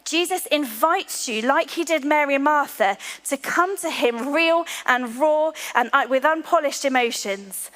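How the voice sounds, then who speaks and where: A woman preaching a sermon to her church, earnest, slowing to a hushed voice on key lines. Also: high-pitched. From England. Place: large church hall. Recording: long hall reverb.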